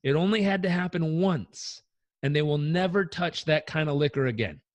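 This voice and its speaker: A man on a podcast telling personal stories in an animated way, acting out the voices in them. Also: fairly high pitch, normal speed, no room sound. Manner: animated, acts out quotes. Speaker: guest. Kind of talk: conversational storytelling.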